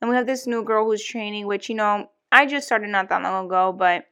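A woman's voice: medium pitch, a little fast, fairly bright tone. A young woman co-hosting a podcast, venting bluntly in casual chat and swearing freely. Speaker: podcast co-host.

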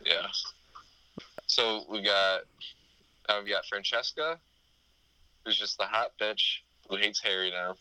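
Bright-toned, profane man joking around. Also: lowish voice, fairly even intonation, clean tone, no room sound, low-quality recording. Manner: profane, joking, riffs with quick laughs. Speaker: podcast co-host. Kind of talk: crude casual chat.

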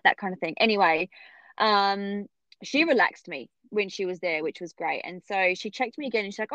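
A young woman telling a personal story in casual chat, acting out the other voices with big jumps in pitch. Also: normal speed, a bit bright, dry recording. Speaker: podcast guest telling her birth story.

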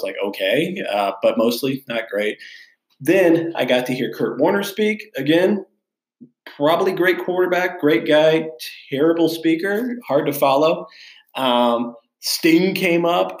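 A young adult man, a pastor and podcast host, casually telling a personal story in a candid, chatty, self-deprecating way. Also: medium pitch. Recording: echoey room.

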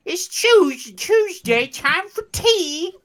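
A woman's voice: animated, very slow, a bit bright, exaggerated voice. A woman putting on a prim tea-sipping Brit caricature. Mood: mocking. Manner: high, sing-song and exaggerated.

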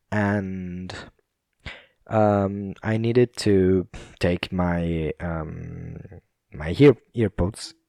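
A man's voice: deep voice, darkish tone, no room sound, studio quality. A young Italian man with an Italian accent, rambling casually in a monologue, laughing often and full of fillers and restarts. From Italy.

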